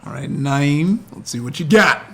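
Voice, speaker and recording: A man runs a tabletop role-playing game as game master. He talks casually in a fairly high voice and laughs often, with a faint hiss behind him. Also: animated, moderate pace, creaky.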